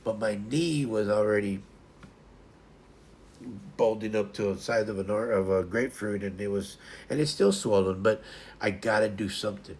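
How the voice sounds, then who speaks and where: A man's voice: on the low side, moderate pace, long pauses. A man hosting a casual morning livestream, chatting to viewers in a rambling way and often restarting his sentences. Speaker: livestream host.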